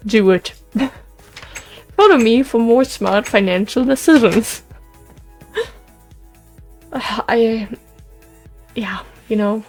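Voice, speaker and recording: A woman's voice: mid-range voice, takes it slowly, long pauses, soft background music. A young woman hosting a gameplay video, chatting in a rambling, emotional way and sounding worn out after a concert. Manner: rambling, excitable, emotional, with restarts and sighs. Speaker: let's play host. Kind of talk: casual chat while gaming.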